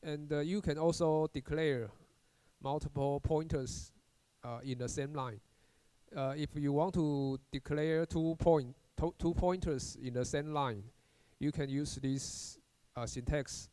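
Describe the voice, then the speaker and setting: Halting male lecturer with a dry sound. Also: fairly high pitch, steady tone, dark tone, clear, resonant tone, dry recording. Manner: halting, repeats words and restarts, many "uh" fillers. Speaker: university lecturer. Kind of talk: recorded programming lecture.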